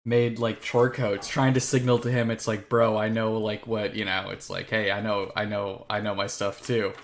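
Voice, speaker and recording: A man's voice: on the low side, little pitch movement, normal speed. A young man co-hosting a podcast in casual chat, laid-back and wry, swearing now and then. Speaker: podcast co-host.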